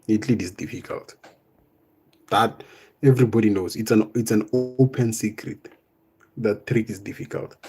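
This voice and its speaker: A young man teaching math in a live online exam revision lesson, casual and step by step, often tagging on "right?" and "boom". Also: fairly even intonation, moderate pace, long pauses, darkish tone, soft background music. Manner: explains step by step, coaxing students.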